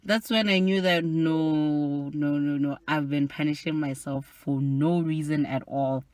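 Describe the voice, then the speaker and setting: A woman's voice: sits low, steady tone, measured pace, darkish tone, no room sound. A young woman telling a personal story to camera in a candid, exasperated way, with plenty of "like". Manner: candid, exasperated, often says "like". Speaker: vlogger.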